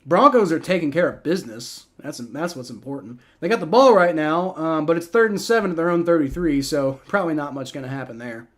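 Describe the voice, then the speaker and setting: A young man hosting a live stream, giving rambling, excitable reactions and play-by-play while he watches a football game and swears freely. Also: fairly high pitch, a little fast, few pauses. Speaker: livestream host.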